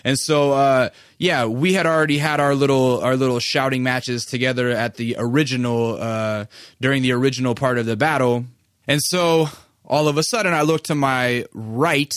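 A man's voice: mid-range voice, steady tone, normal speed, fairly bright tone, dry recording, clean studio sound. A man hosting a podcast, telling a story in a loose, profane way with lots of fillers. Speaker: podcast host. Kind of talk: casual storytelling monologue.

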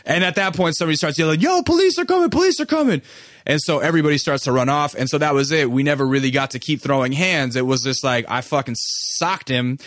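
A man's voice: medium pitch, fast, hardly any pauses, a bit bright, no room sound, studio quality. Profane casual podcast host, man. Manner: loose and profane, with many fillers. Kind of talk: casual storytelling monologue.

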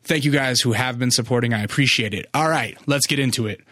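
Young dude podcasting, rambly and sweary, dry close sound. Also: male voice, mid-range voice, fast talker, pushed and bright, no room sound. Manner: rambling, profane, lots of "like". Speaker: podcast host. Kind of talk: casual storytelling monologue.

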